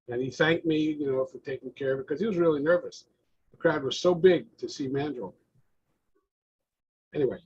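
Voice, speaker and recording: A man telling a relaxed story as a guest in a casual roundtable chat, heard over remote call audio. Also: on the high side, breathy edge, highs cut off.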